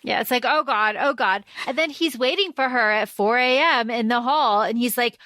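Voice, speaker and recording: A woman co-hosting a casual fan podcast, talking fast and acting out quoted lines in shifting voices. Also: no room sound. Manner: animated, acts out quoted lines in lower or higher voices. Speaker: podcast co-host.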